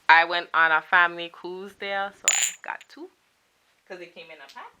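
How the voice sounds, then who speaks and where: A woman's voice: on the low side, normal speed, sharp tone, slight background noise. A young woman from Saint Martin, chatting casually and playfully with laughing asides as a vlogger showing her souvenir collection. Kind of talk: casual chat.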